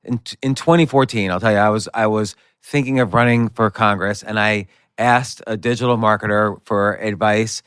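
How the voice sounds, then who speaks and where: A man's voice: lowish voice, steady tone, normal speed, hardly any pauses, a bit bright, smooth, dry recording, clean studio sound. A man hosting a podcast, asking curious questions in casual interview talk, often restarting mid-sentence.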